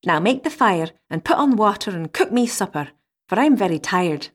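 A woman's voice: medium pitch, expressive, normal speed, natural voice. A woman voicing a blunt travelling fiddler who scolds his new wife, in a storybook reading. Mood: scolding. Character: gruff travelling fiddler, a disguised king.

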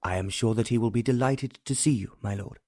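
A man's voice: lowish voice, a little fast, dark tone, no room sound, clean studio sound, close to an everyday voice. A man voicing a courteous English official. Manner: formal, deferential. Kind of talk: audiobook narration.

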